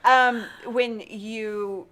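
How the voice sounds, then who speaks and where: A woman's voice: fairly high pitch, fairly even intonation, very slow, fairly bright tone. A woman hosting a live stream in a casual chat, earnest and encouraging, laughing often.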